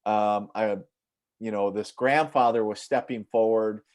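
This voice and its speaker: A man's voice: on the low side, fairly even intonation, unhurried, darkish tone. A man from northern Minnesota, a psychic medium, telling rambling anecdotes as a guest in a casual interview. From northern Minnesota, USA. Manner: rambling, anecdotal, frequent fillers.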